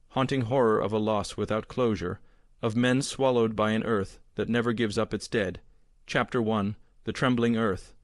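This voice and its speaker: A man narrating an audiobook in a measured, grave storytelling manner. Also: fairly low pitch, dry recording, studio quality. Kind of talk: scripted narration.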